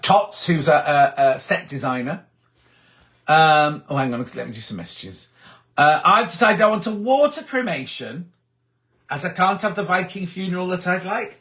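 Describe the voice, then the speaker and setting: A man's voice: mid-range voice, a bit bright. A middle-aged man hosting a casual live chat, rambling and gossipy as he reads out viewer messages. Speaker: host.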